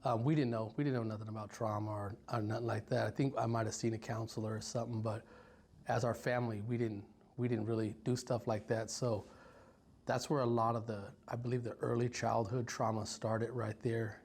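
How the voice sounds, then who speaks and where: A man in his forties from Stockton, California, telling his life story in an interview, reflective and halting with many pauses and ums. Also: mid-range voice, little pitch movement, darkish tone. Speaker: violence prevention worker. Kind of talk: personal story told in an interview.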